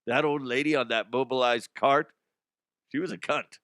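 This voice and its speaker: A man's voice: medium pitch, steady tone, normal speed, heavy background noise. Rambling profane male comedy host. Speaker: podcast host. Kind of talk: comedic news commentary.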